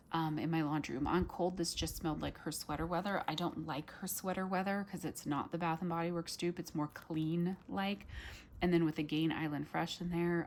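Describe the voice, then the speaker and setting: A woman vlogger chatting casually through a product review, full of ums and likes and quick self-corrections. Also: sits low, a little hiss or hum.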